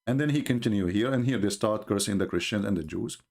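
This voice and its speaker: A man giving live-streamed commentary in an emphatic, scornful, mocking manner, often halting with fillers and restarts. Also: on the low side, darkish tone.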